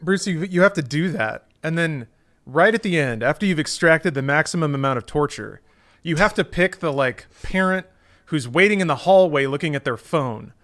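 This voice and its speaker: A man with a somewhat high voice co-hosts a casual podcast chat. He rambles through long, playful riffs and builds them up as he goes. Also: lively intonation, normal speed, fairly bright tone. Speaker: podcast co-host.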